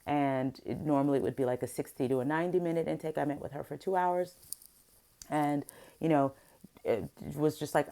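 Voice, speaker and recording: A middle-aged woman, a vlogger and therapist, tells an upsetting story in a confessional vlog, venting emotionally with many restarts. Her voice is extremely low and mellow, at normal speed.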